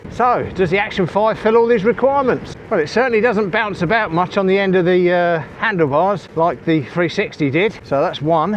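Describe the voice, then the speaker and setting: A man's voice: on the high side, highs cut off. A man talking casually to viewers while cycling outdoors, a bit out of breath, on a small clip-on mic. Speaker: cycling vlogger. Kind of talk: casual vlog talk while riding. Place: outdoors on a bike. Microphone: small wireless clip-on mic. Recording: faint outdoor noise.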